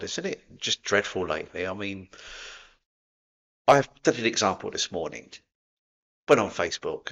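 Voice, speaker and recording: A man's voice: lowish voice, bright, forceful tone, dull audio. A man from London with a Cockney accent, talking casually to camera in a chatty, rambling way with frequent laughs. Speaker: spiritual vlogger.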